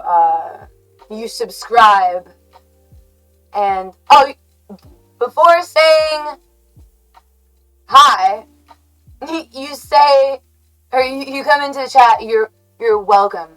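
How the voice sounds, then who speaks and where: An American woman hosting a livestream, chatting to her viewers in a rambling, halting way that keeps correcting itself and breaks into giggles. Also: fairly high pitch, fairly bright tone, faint music behind, rough recording. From United States. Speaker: livestream host. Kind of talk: casual stream chat to viewers.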